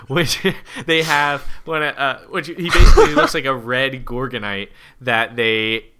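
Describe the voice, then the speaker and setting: A man's voice: medium pitch, lively intonation, unhurried, heavy background noise. A man co-hosting a casual film discussion, rambling with many fillers and easy chuckles. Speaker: podcast co-host.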